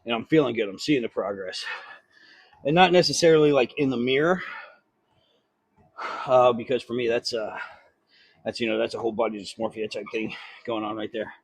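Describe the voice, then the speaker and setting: A man's voice: medium pitch, a little fast, long pauses, slightly rough, no echo. A man vlogging from a treadmill after a workout, out of breath, talking in a rambling, profane, casual way into a phone held close. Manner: rambling, profane, self-deprecating. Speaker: fitness vlogger. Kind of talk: casual vlog chat. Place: gym, on an incline treadmill.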